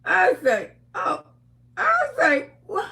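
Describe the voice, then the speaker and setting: A woman hosting a casual livestream, talking loudly with frequent laughter and cursing while telling stories to her viewers. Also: sits high, unhurried, gravelly. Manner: loud, laughing, storytelling with lots of cursing. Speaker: livestream host.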